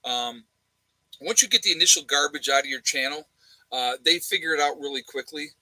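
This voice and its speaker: A man's voice: fairly high pitch, a little fast, pushed and bright, no room sound, rough recording. A man hosting a casual livestream chat from home, blunt and sarcastic, rambling with lots of uhs and ums. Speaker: channel host. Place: home room with a fan.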